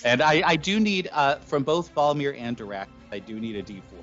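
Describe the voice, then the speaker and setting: A man runs a tabletop game as game master, his voice sitting at an ordinary pitch. He talks in halting bursts full of fillers while he works out the rules. The audio is dull and lo-fi, with faint music underneath. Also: fairly bright tone. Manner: hesitant, filler-heavy rulings.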